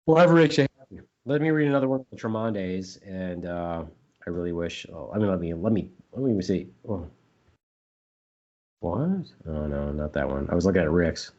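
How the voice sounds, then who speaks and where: A man's voice: deep voice, expressive, normal speed, darkish tone, lo-fi sound. A man co-hosting a casual podcast chat, rambling and joking, now and then repeating silly words in put-on voices. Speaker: podcast co-host.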